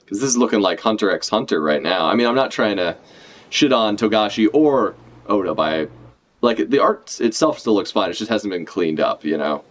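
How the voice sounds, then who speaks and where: A man's voice: lowish voice, moderate pace. A man streaming a live reaction to a comic, talking casually and animatedly, swearing freely as he follows the story. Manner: animated, swears casually, talks over the panels.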